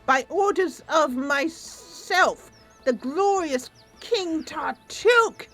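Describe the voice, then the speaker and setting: A boastful male kobold who crowns himself king, played by a woman, drawing out slow, pompous proclamations. His voice sits above her usual pitch and swings widely. Faint music plays underneath. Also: lively intonation, fairly bright tone, full character voice.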